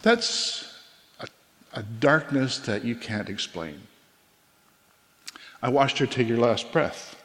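A middle-aged man of ordinary pitch delivers an earnest, conversational sermon as a pastor. His voice rings out with a long reverb in a church hall. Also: animated, a bit bright. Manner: earnest, conversational preaching with pauses and restarts.

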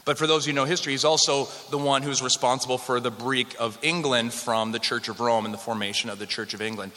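A man's voice: medium pitch, steady tone, fast talker, sharp tone. A man from Western Canada giving a conversational history lecture to a live audience, joking with the room as he goes. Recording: long hall reverb.

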